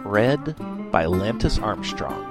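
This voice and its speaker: A man reading an audiobook aloud in a playful, expressive way. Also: on the low side, slow, over loud music. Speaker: audiobook reader. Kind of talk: audiobook narration.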